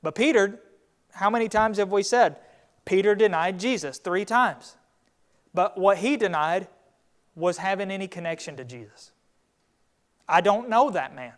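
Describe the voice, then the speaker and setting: A man's voice: high-pitched, expressive, normal speed. A man teaching a Sunday Bible class, retelling a scripture scene in a conversational way.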